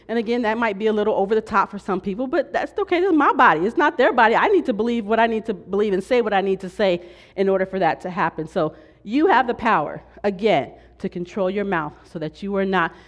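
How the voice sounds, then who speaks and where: Brief: woman pastor teaching, animated, mimics complainers, mid-pitched voice. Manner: lively, acts out complaining voices, frequent "right?" and "okay?". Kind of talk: church teaching with slides.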